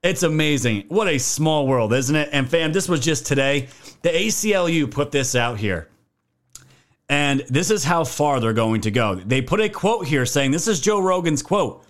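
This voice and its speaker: A man's voice: a little high, expressive, normal speed. A man hosting a political commentary video, ranting in a heated, profane way and calling his viewers fam.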